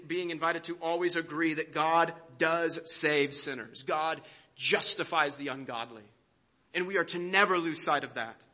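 A man's voice: high voice, bright, forceful tone, husky. A man preaching a sermon, emphatic, asking rhetorical questions and often repeating words as he builds a point. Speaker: pastor.

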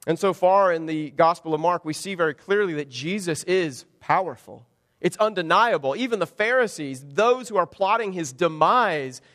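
High-voiced man preaching in a reverberant hall. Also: a bit bright. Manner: conversational and wry, stacked rhetorical questions. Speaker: pastor. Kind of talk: sermon.

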